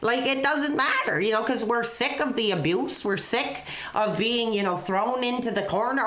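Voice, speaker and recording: A woman's voice: on the high side, animated, moderate pace, fairly bright tone. A woman hosting a live call-in stream, talking in an earnest, emotional, rambling way full of "you know" and "like". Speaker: call-in show host. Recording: roomy echo.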